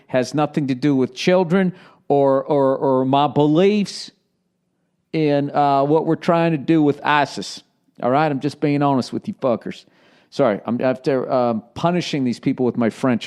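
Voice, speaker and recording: Speaking in a mid-range, somewhat mellow voice, a forty-something man runs a laid-back solo podcast. His Boston accent colors stories that wander, drip with sarcasm, and come loaded with swearing.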